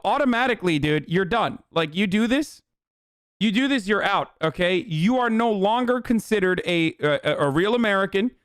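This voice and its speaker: Male livestream commentator, profane and animated, smooth tone, dead-dry sound. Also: sits high, dry recording. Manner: profane, animated, rambling riffs. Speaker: streamer, political commentator. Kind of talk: casual livestream reaction commentary.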